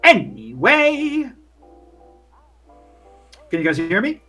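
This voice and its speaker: A man's voice: sits high, huge pitch swings, slow, pushed and bright, soft background music. A man running a tabletop game as game master, rambling with lots of fillers. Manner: rambling, many fillers, laughs often.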